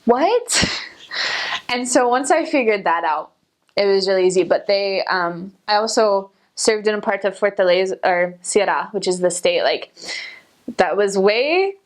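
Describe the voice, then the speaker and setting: Young woman vlogging, super chatty, says like a lot, normal mid voice, goes squeaky when quoting folks. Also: animated, moderate pace. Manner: chatty, many "like" fillers, jumps up in pitch to quote people. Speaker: returned missionary vlogger. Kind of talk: casual storytelling to camera.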